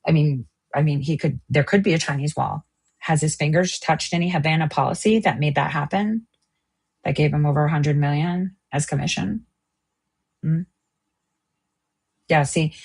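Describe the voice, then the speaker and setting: A woman with a low, husky voice hosts her own streamed show. She rants in a heated, profane way and jumps between topics. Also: normal speed, long pauses, a little mellow. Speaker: online show host. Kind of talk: angry political rant.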